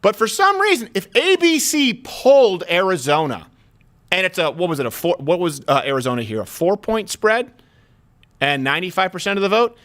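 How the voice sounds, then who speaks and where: A man hosting a casual political chat show, talking in an animated, sarcastic, rapid-fire way. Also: high voice. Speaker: host.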